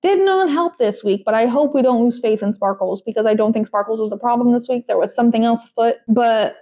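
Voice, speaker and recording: A woman's voice: a little high, a little fast, mellow, highs cut off. A young woman co-hosting a podcast, talking casually with lots of fillers and restarts. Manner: chatty, frequent fillers and restarts. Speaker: podcast co-host. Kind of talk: casual chat.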